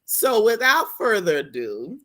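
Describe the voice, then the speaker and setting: A woman hosting a live-stream talk show, effusive and excitable, with a churchy way of talking. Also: medium pitch, measured pace. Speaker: host.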